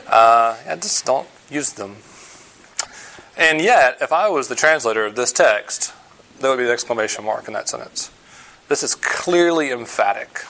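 A man delivers a sermon at a mid pitch that sits right in the middle for men. He talks it through conversationally and stops on fillers as he explains scripture. He leans hard on his main points. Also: sharp tone, a little hiss or hum. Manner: conversational preaching with frequent fillers. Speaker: pastor.

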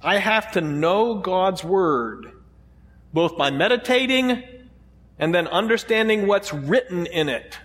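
A man's voice: high-pitched, lively intonation, slow pace, a bit bright, long reverb tail. A man preaching a sermon as pastor, conversational, asking the congregation rhetorical questions.

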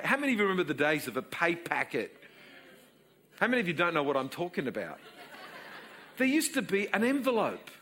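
His voice fairly high in pitch, an Australian pastor in his sixties tells his congregation a family story during a sermon, delivering it with animated storytelling.

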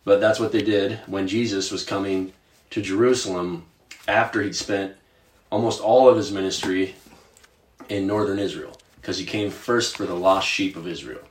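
A man from Virginia co-hosting a podcast, chatting about Bible stories in a casual, animated way with plenty of filler words. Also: deep voice, normal speed, echoey room. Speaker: podcast co-host.

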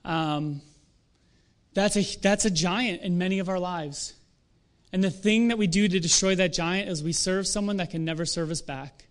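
A young adult man preaching a sermon in a conversational, animated way, with self-deprecating asides. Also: sits high, normal speed. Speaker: pastor.

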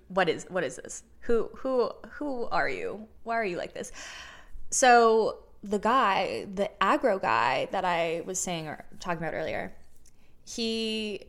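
A woman in her twenties, a vlogger with a mid-range voice, tells her viewers a personal story slowly but in a very animated way. She's casual and candid, swearing freely and restarting sentences as she goes.

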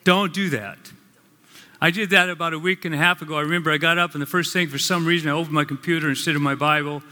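A male pastor preaching a sermon, with slow, earnest, emphatic phrases. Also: fairly high pitch, fairly even intonation, sharp tone. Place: church sanctuary. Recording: long reverb of a large hall.

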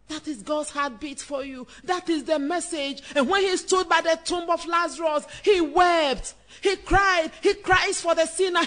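Woman preacher, high pitch, impassioned sermon that calls out to each listener. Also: a bit bright. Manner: fervent, direct address to the listener.

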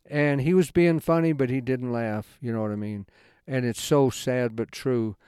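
A man giving an informal Bible study talk in a folksy, rambling way, halting often and restarting his sentences. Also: mid-range voice, mellow, clear, resonant tone, no echo, studio quality. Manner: folksy, conversational storytelling. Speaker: Bible teacher.

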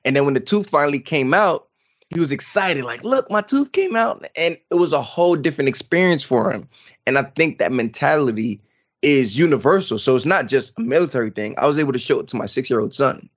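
A man in his thirties co-hosting a podcast, telling an animated story in casual chat. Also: medium pitch, quick pace, muffled recording. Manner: animated storytelling, lively voice swings. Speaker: podcast co-host.

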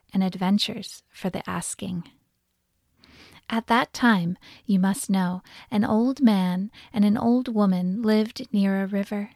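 A woman telling a folk tale aloud for children, gentle and expressive. Her voice sits at an ordinary middle pitch. The recording is close and dry, with no room sound. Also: no room sound. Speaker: storyteller. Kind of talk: scripted storybook narration.

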